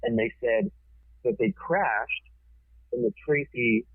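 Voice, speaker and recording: A man, a TV producer and podcast guest, telling a story in a casual, forceful way and swearing freely. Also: on the high side, very animated, slow pace, gravelly, slightly rough, no room sound. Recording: tinny phone-like sound.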